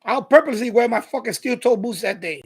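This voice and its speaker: Live stream host, New man, husky, profane and combative, casual rant. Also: very high voice, lively intonation, quick pace. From New York. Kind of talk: casual ranting monologue.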